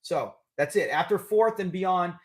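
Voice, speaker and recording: High-voiced man hosting a live stream. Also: expressive, unhurried. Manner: chatty, upbeat, laughs often. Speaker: host of a live trivia stream. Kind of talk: casual live-stream chat.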